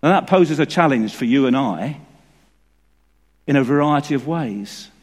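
A man preaching a sermon in a church, measured and emphatic. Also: mid-range voice, expressive. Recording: long reverb of a church hall.

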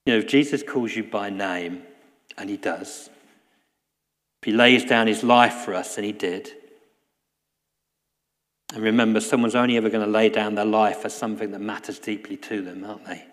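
Earnest preacher in a reverberant church. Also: male voice, on the low side, steady tone, normal speed, pauses often. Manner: earnest, drops to a soft hush at key lines. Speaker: guest preacher. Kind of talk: sermon.

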